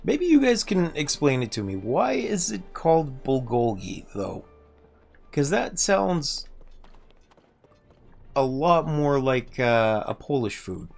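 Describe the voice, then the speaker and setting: Chatty gaming streamer, lively voice. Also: male voice, slow, gravelly, soft background music. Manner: chatty, joking, reading and answering chat while playing; drops to low muttering when focused on the game. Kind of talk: casual gameplay livestream chat.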